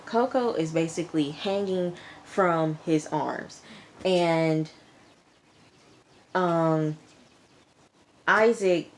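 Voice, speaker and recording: Woman, low pitch, young adult, sassy, casual episode recap. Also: a little mellow, slight background noise. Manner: sassy, talks back to the characters. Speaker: TV episode reviewer.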